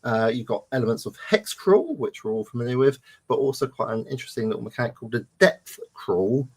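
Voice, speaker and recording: A man's voice: medium pitch, lively intonation, brisk, slightly rough. A man from the United Kingdom on a casual panel chat, easygoing and hesitant with many ums. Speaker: panel co-host.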